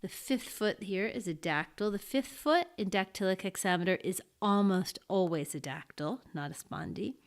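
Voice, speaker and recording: A woman teaching an introductory lesson, explaining things slowly and deliberately and pausing as she marks examples. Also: mid-range voice, lively intonation. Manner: slow and deliberate, pausing to mark syllables. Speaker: Latin teacher. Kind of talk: slow, careful lesson explanation.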